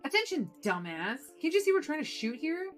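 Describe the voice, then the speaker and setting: Woman doing a loud, rude, hyper little male director in a game, barking orders. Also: lowish voice, animated, fairly quick, faint music behind, lightly acted. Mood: brash. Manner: brash, shouty, condescending. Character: small energetic rude male film director.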